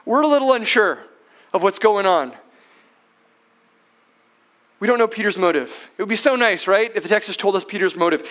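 A man's voice: sits high, a bit bright. A man preaching a sermon as pastor who keeps asking his listeners rhetorical questions, often ending with tag questions.

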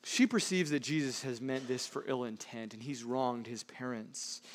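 A man preaching a sermon, emphatic, with frequent rhetorical questions, swinging between loud stresses and hushed asides. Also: medium pitch, moderate pace. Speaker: pastor.

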